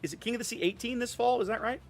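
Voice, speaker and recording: A man's voice: very high voice, very fast, gravelly, faint music behind. A man streaming a video game, chatting casually with viewers and often repeating words as he thinks. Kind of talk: casual live-stream commentary.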